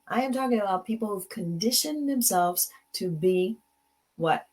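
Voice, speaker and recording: A woman's voice: mid-range voice, animated, normal speed, a little mellow. A woman hosting a casual motivational talk, slipping into Spanish phrases and acting out little dialogues. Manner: conversational, mixes in Spanish phrases, acts out dialogue. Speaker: host; advocate.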